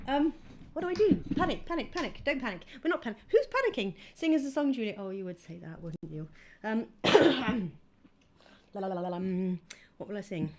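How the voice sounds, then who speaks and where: A woman co-hosting a casual live-stream chat, reading viewer comments aloud and breaking into silly songs. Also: on the high side. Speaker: co-host.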